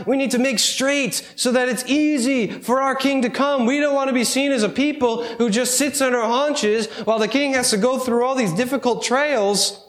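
A man preaching a sermon, reading scripture slowly and with emphasis, then explaining it with wry asides. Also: very high-pitched, fairly bright tone, roomy sound. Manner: reads scripture slowly and emphatically, with mock self-important asides.

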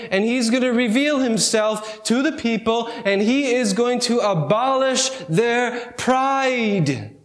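A man preaching a sermon, reading scripture slowly and with emphasis, then explaining it with wry asides. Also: extremely high pitch, echoey room. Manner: reads scripture slowly and emphatically, with mock self-important asides.

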